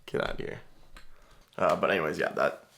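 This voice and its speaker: A man's voice: sits low, steady tone, fairly quick, a bit bright. A young man chatting casually in a vlog, laid-back and laughing, with casual swearing. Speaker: vlogger.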